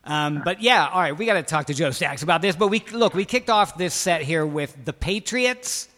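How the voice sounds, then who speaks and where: Guy hosting a radio show, high bright voice, rambly hip talk, lots of room reverb. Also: lively intonation, normal speed. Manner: loose, rambling, hip slang. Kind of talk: casual radio banter.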